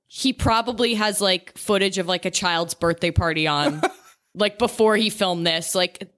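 A woman's voice: mid-range voice, measured pace, a bit bright. A woman guesting on a horror movie podcast, chatting casually with wry, joking asides. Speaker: guest co-host. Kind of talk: casual chat.

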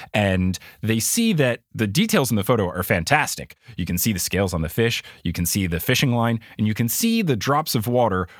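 Man, podcast host, lively pitch, dry close sound, chatty storyteller. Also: no room sound. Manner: animated storyteller, joking asides. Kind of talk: casual book recap chat.

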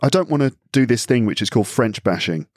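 A man's voice: medium pitch, sing-song, quick pace, darkish tone, dry recording, studio quality. An English man chatting casually as a podcast guest, talkative, often correcting himself mid-sentence and laughing easily. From England. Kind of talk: casual chat.

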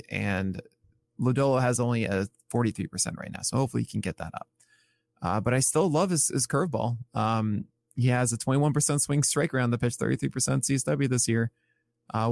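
A man co-hosting a casual podcast, rattling off pitching numbers in a loose, self-correcting way. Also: gravelly. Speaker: podcast co-host. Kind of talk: casual podcast chat about pitching stats.

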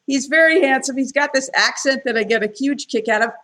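A woman talking as a guest on a podcast, candid and animated, telling stories with enthusiasm. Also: high-pitched, fairly quick. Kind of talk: casual podcast conversation.

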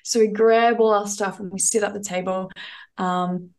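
A woman's voice: medium pitch, fairly even intonation, normal speed, darkish tone. A woman guest on a podcast, telling stories casually, enthusiastic and chatty with lots of ums and restarts. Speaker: podcast guest, thru-hiker. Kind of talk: casual conversational storytelling.

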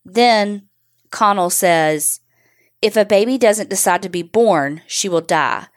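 A woman's voice: medium pitch, slow pace. A woman co-hosting a podcast, telling a true crime story casually and bluntly, reading out quotes and swearing along the way.

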